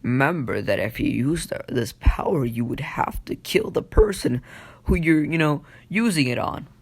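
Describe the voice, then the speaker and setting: A man's voice: medium pitch, animated, moderate pace. A man doing a smug scheming devil.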